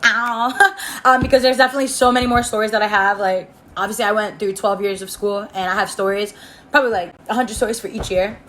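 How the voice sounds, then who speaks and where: A woman's voice: medium pitch, fairly even intonation, fairly quick, fairly bright tone, slight background noise. A young woman telling a casual story on her phone camera, rambling, laughing, and saying "like" a lot. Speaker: storytime vlogger. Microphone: iPhone.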